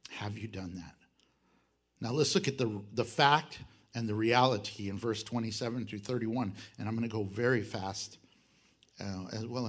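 A man preaching a sermon, animated, acting out quoted voices and swinging between loud and soft. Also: medium pitch. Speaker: pastor.

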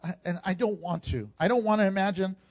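A man preaches fast in a high, lively voice, staying animated as he moves between scripture and plain talk to his church. It's a sermon, captured on a dull-sounding lo-fi recording.

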